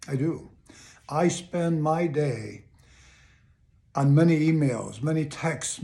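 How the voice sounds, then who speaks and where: Speaking upbeat and earnestly to camera, an older man hosts a casual motivational video from his Chicago home and keeps repeating himself. He sounds on the high side, creaky and darkish.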